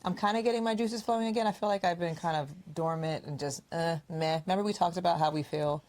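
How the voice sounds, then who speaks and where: Woman podcast co-host, low voice, casual storytelling, mimics friends' lines. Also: quick pace. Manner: animated storyteller, acts out quoted friends. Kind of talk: casual conversational podcast chat.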